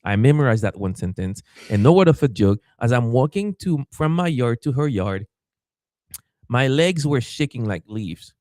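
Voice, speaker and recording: Speaking at a moderate pace with medium pitch, a pastor from Haiti tells a story in a podcast interview, captured in a dry, clean studio sound. He's animated, voicing the people he quotes, and he stammers and repeats as he goes.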